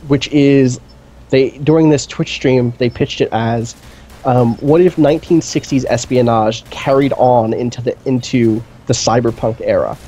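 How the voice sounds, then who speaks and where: A man's voice: mid-range voice, fairly even intonation, a little slow, dark tone. A man co-hosting a gaming stream, talking in a casual, enthusiastic, rambling way with lots of fillers. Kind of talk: casual chat. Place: indoor streaming setup.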